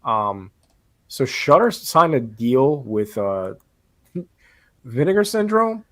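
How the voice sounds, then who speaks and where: A man's voice: mid-range voice, takes it slowly, no room sound. A man co-hosting a live-stream podcast, chatting casually and hesitantly with many fillers. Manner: relaxed, hesitant, with frequent fillers. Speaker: podcast co-host.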